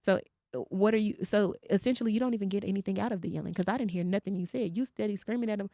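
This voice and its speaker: A woman podcast host, telling a story in casual chat and quoting others in a lowered voice. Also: racing, mellow, no echo, studio quality.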